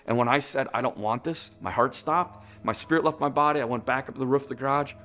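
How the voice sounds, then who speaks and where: A man's voice: medium pitch, fairly even intonation, quick pace, bright, forceful tone, soft background music. Earnest middle-aged man telling his story. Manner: earnest, searching for words. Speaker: near-death experience witness. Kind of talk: personal testimony.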